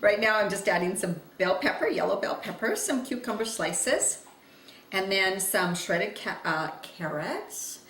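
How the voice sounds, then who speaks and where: A woman's voice: medium pitch, lively intonation, measured pace, a bit bright, slight background noise. Chatty woman in an echoey kitchen. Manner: chatty, laughs while talking and eating. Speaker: cooking vlogger. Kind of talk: casual cooking demo. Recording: echoey room, faint ambience.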